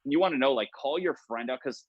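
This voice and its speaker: A man's voice: mid-range voice, quick pace, breathy edge, no room sound, highs cut off. A man in his thirties doing a crude, rambling, self-mocking stand-up set over a video call. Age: 30s. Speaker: stand-up comic. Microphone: home setup on a video call.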